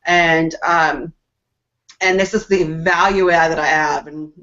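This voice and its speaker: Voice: mid-range voice, steady tone, slow, bright, forceful tone. A panelist earnestly making a point about self-worth, repeating words for emphasis. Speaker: discussion panelist. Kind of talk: casual group discussion. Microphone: video call. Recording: dull lo-fi video call audio.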